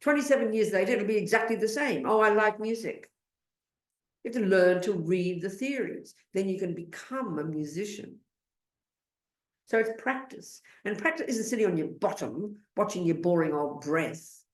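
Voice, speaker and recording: A woman with an Australian accent giving a Buddhist dharma talk in an animated, blunt and emphatic way. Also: medium pitch, normal speed, reverberant. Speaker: Buddhist teacher.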